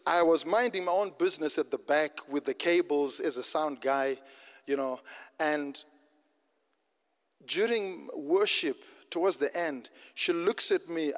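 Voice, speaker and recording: A man's voice: high-pitched, fairly bright tone, big-room sound. A man preaching a sermon, telling a personal story and then urging his congregation on with rising fervour. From London. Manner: storytelling, building to fervent exhortation. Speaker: pastor.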